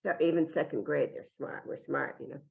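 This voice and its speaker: An improv performer, a woman, tells a meandering, self-deprecating personal story to a live audience. Her voice is low and creaky, fairly quick, with fairly even intonation. The sound is tinny, like a phone.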